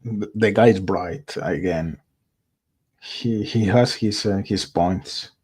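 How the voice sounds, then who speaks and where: Slow, low-voiced man musing on stream. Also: a little mellow, husky. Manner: hesitant, thinking aloud with many fillers. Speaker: livestream host reacting to a video. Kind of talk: casual live reaction commentary.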